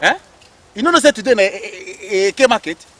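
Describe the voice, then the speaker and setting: A coaxing Nigerian schemer. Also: male voice, high voice, expressive, fast, a crowd in the background, poor audio. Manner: coaxing, stammering. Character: scheming man urging a friend on. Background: loud music.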